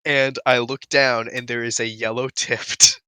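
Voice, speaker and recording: A man, a dungeon master and podcast co-host, telling an animated anecdote in casual chat and laughing between lines. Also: mid-range voice, unhurried, smooth.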